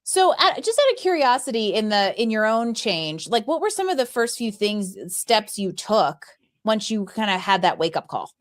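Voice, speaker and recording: A woman's voice: a little high, sing-song, normal speed. A woman hosting a podcast, asking curious questions in an upbeat, playful way. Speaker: podcast host. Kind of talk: conversational interview.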